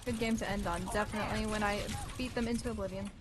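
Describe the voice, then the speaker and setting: A woman's voice: mid-range voice, fairly even intonation, fast, background noise. A young woman streaming a video game, chatting casually with viewers in a playful, teasing way and cheering her plays. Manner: playful and teasing, reads chat aloud and cheers during fights. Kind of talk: casual gameplay chat with viewers.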